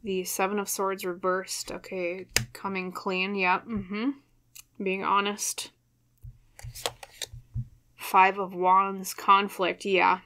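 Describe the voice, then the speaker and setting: A woman's voice: medium pitch, little pitch movement, slow pace, long pauses, noisy background. A young woman giving a tarot reading to camera, choked up and hesitant, with many fillers and restarts. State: choked up, emotional. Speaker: tarot reader.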